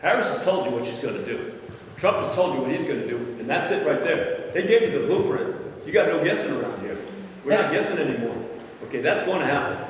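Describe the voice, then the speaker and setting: A man's voice: a little high, expressive, quick pace. A man in the audience chiming in assertively during a public talk. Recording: echoey hall, far from mic, faint room noise.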